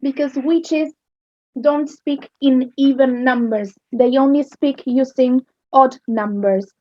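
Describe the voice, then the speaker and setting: Slow, high-voiced teacher with Argentine accent. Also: female voice, steady tone, dry recording. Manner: explains slowly, checks understanding with "yes?". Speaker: English literature teacher. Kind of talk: recorded online lesson. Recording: dull lo-fi sound.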